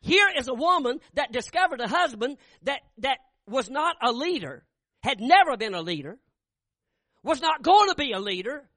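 An older man preaching a folksy sermon, acting out dialogue and rising to shouts. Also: very high-pitched, dry recording. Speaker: Baptist preacher. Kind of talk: sermon storytelling with acted dialogue.

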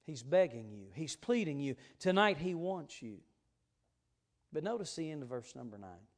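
A man's voice: on the high side, very animated, normal speed. A man preaching an evening church sermon, earnest and emphatic, stressing and repeating key words.

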